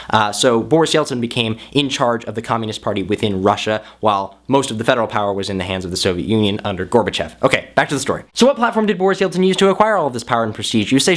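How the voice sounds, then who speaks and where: A man explaining history to camera in a casual, jokey way, with big swings in pitch for emphasis. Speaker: history vlogger.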